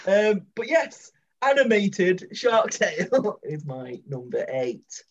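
A man hosting a casual group podcast chat, lively and quick to laugh, calling on each guest in turn. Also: high voice. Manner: lively, laughing, leads the turns. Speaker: podcast host. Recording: dull lo-fi sound.

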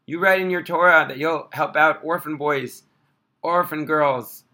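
A man's voice: on the high side, a little slow, sharp tone. A man voicing a young orphan praying with pleading, tearful words.

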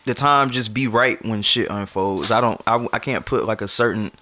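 A man's voice: on the low side, normal speed, bright, forceful tone. A man co-hosting a podcast, talking in a laid-back, joking, slangy way. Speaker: podcast co-host. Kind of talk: casual chat.

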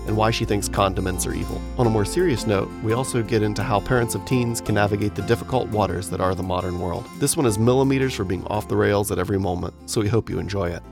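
Fast, gravelly man introducing a podcast. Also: lowish voice. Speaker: podcast host and publisher. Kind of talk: scripted show introduction. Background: guitar music.

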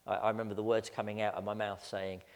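Gravelly pastor in a reverberant church. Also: male voice, lowish voice, flat delivery, fast. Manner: chatty, self-mocking, frequent stammered repeats. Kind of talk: storytelling sermon. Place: church sanctuary. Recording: long church-hall reverb.

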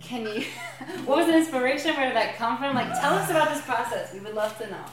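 A woman's voice: high-pitched, lively intonation, fast talker, recorded from a distance. Giggly woman interviewer, echoey room. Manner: giggly, playful. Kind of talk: casual interview chat. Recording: roomy echo from off-mic with music.

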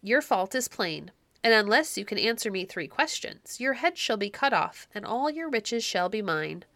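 A woman's voice: medium pitch, very animated, normal speed, bright, forceful tone, no echo. A woman reading an audiobook story and voicing a domineering, scornful medieval king with a commanding, mocking manner. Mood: angry.

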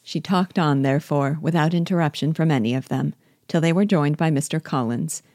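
A woman reading a classic novel aloud as narrator in a calm, even reading voice. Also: deep voice, fairly quick, no room sound, studio quality. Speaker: reader guiding a book.

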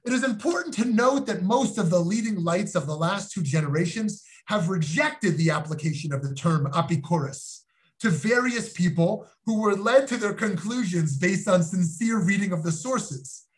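Middle-aged rabbi guy teaching a class, kinda high voice, earnest, lots of restarts. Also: lively intonation, moderate pace. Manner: earnest, scholarly, with many restarts. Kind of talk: recorded lecture with personal anecdote.

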